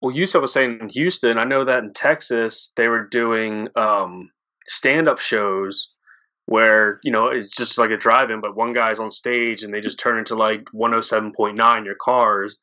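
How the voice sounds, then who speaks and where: A man's voice: fairly low pitch, fairly even intonation, normal speed, pushed and bright. A man hosting a podcast in casual chat, laid-back and swearing freely. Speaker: podcast host. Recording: dull lo-fi sound.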